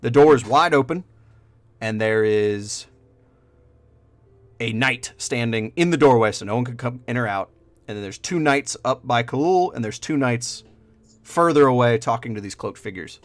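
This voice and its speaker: A man's voice: mid-range voice, lively intonation, normal speed, no room sound. A man running a tabletop game as game master, narrating loosely with lots of casual fillers and the odd swear.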